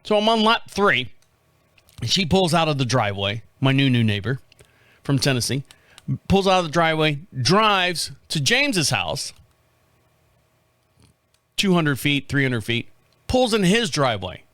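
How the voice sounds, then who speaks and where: A man in his fifties tells a long, wandering story with a fairly high voice for a man. He cusses freely and keeps chuckling at his own tale. The sound is close and dry. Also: sing-song, a little slow, long pauses, fairly bright tone, no echo. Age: 50s. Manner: chatty, profane, often laughing at his own stories. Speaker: podcast host. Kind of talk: casual rambling storytelling monologue.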